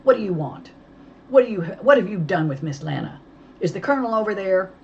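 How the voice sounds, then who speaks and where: A woman voicing a feisty, hot-tempered young girl who talks loud and snappy in a storybook reading. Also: fairly low pitch, expressive, moderate pace, highs cut off, slight background noise, voice pushed up, close to an everyday voice. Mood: defiant.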